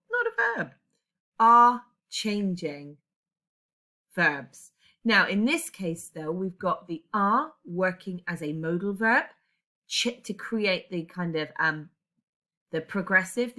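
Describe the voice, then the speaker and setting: A woman's voice: on the low side, lively intonation, slow, sharp tone. A woman English teacher talks through a grammar lesson step by step, with fillers and self-corrections along the way. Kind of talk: recorded classroom lesson explaining grammar.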